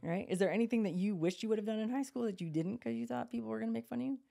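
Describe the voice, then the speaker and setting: A woman in her fifties co-hosting a podcast, telling lively stories in a casual chat and swearing freely. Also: fairly high pitch, very fast, gravelly. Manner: animated storyteller, swears freely, quotes people in acted voices. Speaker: podcast co-host.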